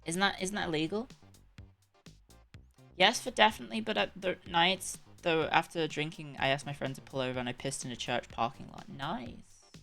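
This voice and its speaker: A woman's voice: sits low, moderate pace, gravelly, a bit bright, soft background music. A young woman chatting casually on a live stream, rambling and correcting herself as she goes.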